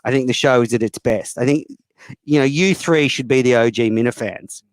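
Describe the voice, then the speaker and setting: A man's voice: medium pitch, fairly quick, no room sound. A man hosting a call-in show, talking bluntly and profanely with plenty of fillers. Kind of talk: casual call-in chat.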